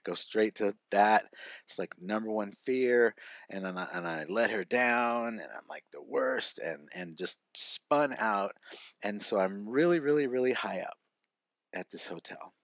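Middle-aged male guest, earnest storyteller, lowish voice, dry slightly muffled recording. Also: a little slow, a bit bright, dry recording. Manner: earnest, frequent "right?" asides, chuckles. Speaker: podcast guest. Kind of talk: personal storytelling.

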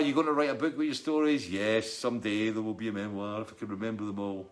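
Rambling man, chatty and low. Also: steady tone, fast, few pauses. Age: middle-aged. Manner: rambling storyteller, chatty and jokey. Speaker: musician hosting a live stream. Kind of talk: casual chat reading viewer comments.

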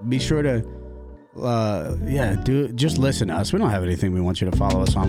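Lively young podcast host, crude and jokey. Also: male voice, lowish voice, brisk, loud music behind the voice. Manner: crude, joking, lively delivery. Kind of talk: casual podcast banter.

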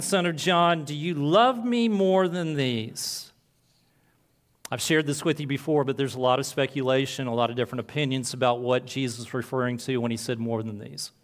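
A male pastor preaching a sermon earnestly, moving between soft, slow passages and emphatic lines. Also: mid-range voice.

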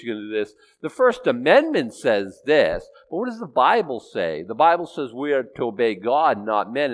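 A man preaches in a loose, conversational sermon. His voice sits at an ordinary middle pitch, and he often stops and restarts his phrases before pushing hard on the points he wants to stress. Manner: conversational, with frequent restarts and rising emphasis. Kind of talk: informal sermon.

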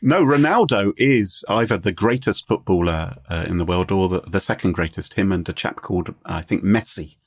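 A man co-hosting a podcast, chatting casually in a wry, joking way with quick asides. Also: low-pitched, slightly rough, no echo, clean studio sound. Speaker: guest co-host.

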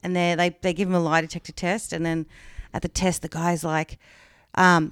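Frank, chatty Australian woman co-host; smooth voice, dry close sound. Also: lowish voice, a little fast, no echo. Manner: chatty, frank, swears, many fillers. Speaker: podcast co-host. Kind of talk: casual chat, retelling a true-crime story.

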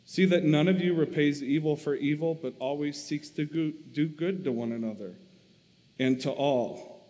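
A man's voice: fairly high pitch, normal speed, dark tone, close to an everyday voice. A man reading as an earnest young woman. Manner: reading quoted lines aloud, earnest. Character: devout young Dutch woman, fervent. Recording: long reverb.

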